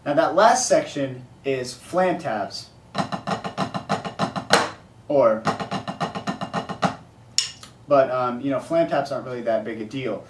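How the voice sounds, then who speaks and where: Over loud music, a mid-range, expressive male voice teaches drumming slowly, pausing often as he casually explains sticking and counts rhythms aloud. The recording is distant, echoey and noisy.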